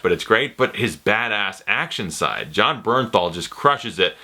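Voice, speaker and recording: A man talks through a TV series review in an excitable, rambling way, swearing freely as he jumps between scenes. His voice is bright and forceful, and his pitch sits in a middle range. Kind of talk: casual spoken review.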